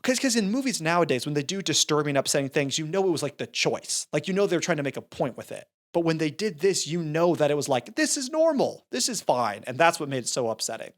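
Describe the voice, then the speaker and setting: A man co-hosting a film review podcast, retelling scenes in a rambling, animated way with many restarts. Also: a little high, fast talker, hardly any pauses. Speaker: podcast co-host. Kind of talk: casual film review chat.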